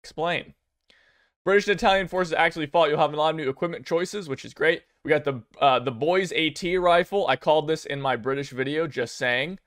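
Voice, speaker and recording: A young man giving casual commentary on game news, rambling and excitable, with many fillers and restarts. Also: a little high, a little fast, clean tone. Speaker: gaming video creator.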